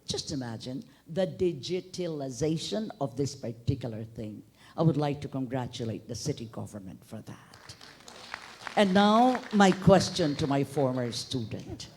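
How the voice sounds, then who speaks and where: A man's voice: medium pitch, expressive, a little slow, darkish tone, a little hiss or hum. A middle-aged man from Bohol with a Boholano accent, speaking at a forum in an expansive, humorous way with emphatic bursts. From Philippines, Bohol. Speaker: forum audience member, newspaper manager. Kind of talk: public remarks at a forum. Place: conference hall.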